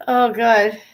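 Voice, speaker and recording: A woman live-streaming in casual chat, often laughing through her words. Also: high voice.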